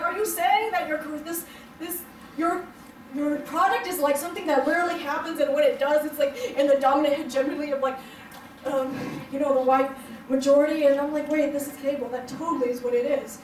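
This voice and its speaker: A woman's voice: high voice, fairly even intonation, fast talker, slight background noise. A young woman performing a stand-up comedy set, rambling through her stories with lots of fillers and laughter. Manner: rambling, filler-heavy storytelling with frequent laughs. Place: hotel event room before a live audience. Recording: roomy, distant live-show sound.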